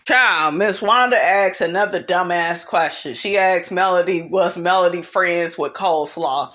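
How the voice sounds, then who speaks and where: A woman's voice: medium pitch, sharp tone. A woman recapping a reality TV episode in a sassy, opinionated gossip style, calling her listeners honey and child.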